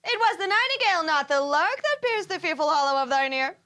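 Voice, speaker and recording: A woman's voice: extremely high pitch, expressive, brisk, bright, forceful tone, exaggerated voice. A woman playing a pleading young Juliet in a comedic Shakespeare table read.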